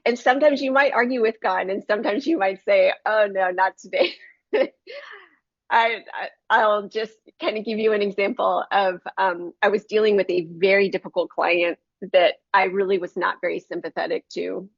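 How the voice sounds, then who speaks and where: A woman's voice: medium pitch, steady tone, normal speed, creaky, no room sound. A woman shares a heartfelt Christian devotional story in an earnest, personal voice, talking straight to her listeners. The recording is dry and close, with a slightly dull, lo-fi sound. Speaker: Christian book reviewer.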